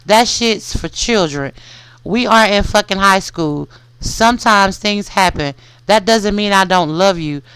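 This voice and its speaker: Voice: mid-range voice, unhurried, a bit bright, smooth, dry recording, natural voice, low-quality recording. A podcast host reading out a defensive teenage boy. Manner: pleading, defensive.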